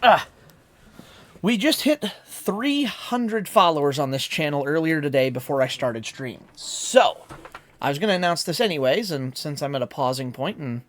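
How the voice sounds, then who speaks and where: A man's voice: a little high, lively intonation, moderate pace. Rambling, chatty male streamer. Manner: rambling and talkative, many fillers. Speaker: live streamer. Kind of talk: casual live-stream chat.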